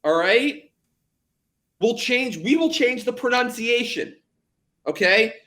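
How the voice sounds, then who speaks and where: Young guy hosting a betting podcast, fairly high voice, goofy and hyped. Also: slow pace, pauses often. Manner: energetic, jokey, hypes things up. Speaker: podcast co-host. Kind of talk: casual betting podcast chat.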